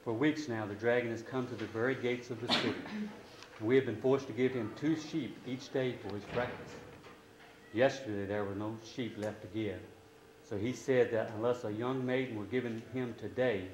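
A man's voice: lowish voice, fairly even intonation, normal speed, darkish tone, echoey room, slight background noise, natural voice, rough recording. A man voicing a frightened young princess in a storybook, pleading anxiously.

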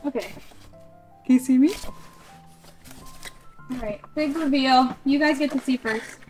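A woman vlogger chatting excitedly to her viewers as she unboxes collectible toys, gushing and struggling with the packaging. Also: sits high, measured pace, faint music behind. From California, USA. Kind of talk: casual unboxing vlog.

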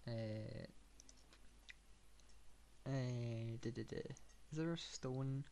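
A man's voice: mid-range voice, very slow, gravelly, mellow, a little hiss or hum. Man rambling through gameplay. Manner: meandering, thinking aloud with many fillers; dry sarcastic asides. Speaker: gamer. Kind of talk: casual gameplay commentary.

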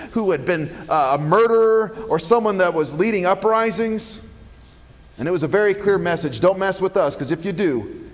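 A pastor preaching a sermon in a church, earnest and emphatic with dramatic pauses. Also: male voice, on the high side, long reverb tail. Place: church sanctuary.

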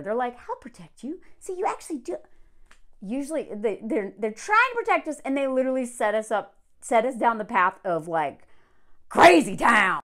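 A woman giving casual reaction commentary in an animated, exasperated and sarcastic way. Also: a little high. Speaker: online commentator.

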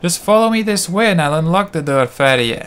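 A man voicing a gruff male combat instructor in a put-on, mock Scottish accent, brisk and instructive. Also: on the high side, expressive, fairly bright tone. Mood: instructing.

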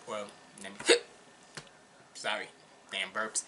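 A man with a non-native English accent hosting a casual reaction video, chatty and excitable, laughing often. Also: medium pitch, slow pace, long pauses, a little hiss or hum.

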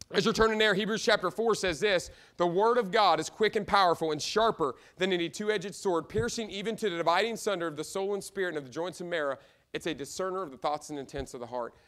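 A male pastor with a Midwestern American accent and a notably high voice delivers a sermon. He drives points home with loud, emphatic repetitions, then drops to quiet, intimate asides. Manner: impassioned, swings between loud emphatic repeats and hushed asides. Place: church sanctuary.

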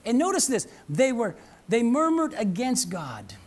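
Here the pastor's voice is slightly high and darkish, swooping wildly in pitch as she speaks a bit slowly. She delivers her church sermon with emphasis, repeating key phrases, prompting the congregation to answer, and chuckling through playful asides.

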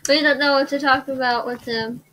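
A young woman playing a dating game with a friend, soft-spoken, unsure and giggly. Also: sits high, steady tone, fairly quick, low-quality recording. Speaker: co-player. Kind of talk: casual game commentary.

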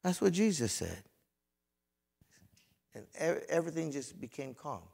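A man preaching a sermon as pastor, swinging between loud fervent passages and quiet, folksy storytelling with conversational asides. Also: on the high side, very animated, unhurried, gravelly.

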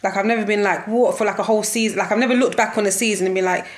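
A young woman chatting through a football match reaction in a casual, slangy way. She sounds exasperated and laughs often as she talks. Her voice sits at an ordinary middle pitch. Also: fairly even intonation, racing.

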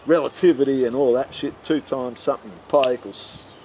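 A man tells crude, boastful stories in a high-pitched, rambling comic monologue. A faint hiss of noise sits under his voice. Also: moderate pace, few pauses, darkish tone. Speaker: comic storyteller.

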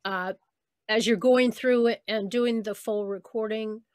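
A woman's voice: fairly high pitch, fairly even intonation, unhurried, darkish tone, no echo, clean studio sound. An older woman, a voice actress as interview guest, telling stories in a reflective, chatty way with small laughs. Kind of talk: casual interview chat.

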